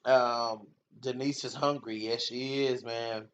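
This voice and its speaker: A man's voice: medium pitch, steady tone, takes it slowly, a bit bright. Slangy man hosting a lo-fi livestream. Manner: slangy, laughs often, repeats himself. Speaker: MMA show host reading live comments. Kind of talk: casual livestream chat. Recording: dull lo-fi stream audio.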